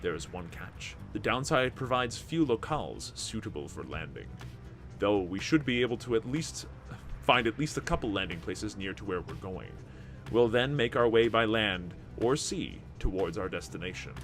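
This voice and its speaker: A man hosting a gameplay video, reading the game's text aloud and commenting with excitement. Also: on the low side, moderate pace, soft background music. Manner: animated, reads dialogue aloud with excitement.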